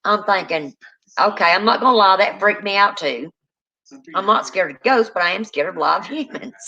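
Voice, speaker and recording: A woman, a paranormal investigator hosting a casual chat, telling lively stories, acting out quotes and swearing freely. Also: medium pitch, moderate pace, lo-fi sound. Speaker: paranormal investigator and channel host.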